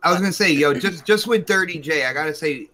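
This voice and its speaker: A man's voice: fairly high pitch, fast talker, crowd noise, poor audio. A man co-hosting a casual gaming podcast, enthusiastic and rambling, often repeating words as he goes. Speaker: podcast co-host.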